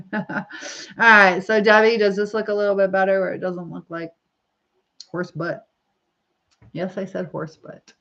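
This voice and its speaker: A woman's voice: medium pitch, level tone, measured pace, vocal fry, long pauses, a bit bright. Chatty middle-aged woman on a live stream. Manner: chatty, rambling, frequent laughs. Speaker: livestream host reading viewer comments. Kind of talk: casual live chat while styling her hair. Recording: slightly dull lo-fi sound.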